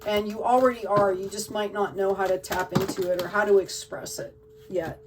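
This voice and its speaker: A woman's voice: mid-range voice, steady tone, normal speed. Lady doing a tarot reading, all emotional and gushy, sounds kinda far from the mic, faint hiss. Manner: emotional, gushing, frequent "okay?" check-ins. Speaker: tarot reader. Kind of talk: tarot card reading to viewers.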